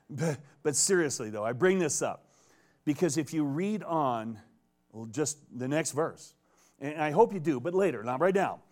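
A man preaching a conversational expository sermon, animated and joking as he reads and retells the text. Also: on the high side, measured pace.

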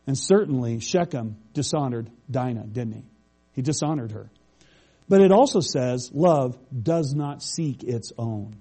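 A man's voice: high voice, warm tone, breathy edge. A middle-aged male pastor preaching a conversational sermon, reading scripture aloud and explaining it plainly.

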